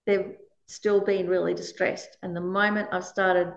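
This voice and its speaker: A woman's voice: fairly low pitch, little pitch movement, a little slow, creaky, reverberant, muffled recording. A woman giving a conversational dharma talk as a meditation teacher. She laughs often while she teaches.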